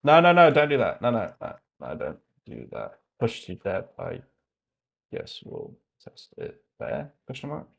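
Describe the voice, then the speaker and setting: A young man chatting casually on a livestream while he codes. He swears freely, thinks out loud, and reads code notes aloud in a flat murmur. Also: lowish voice, a little slow, vocal fry, slightly rough.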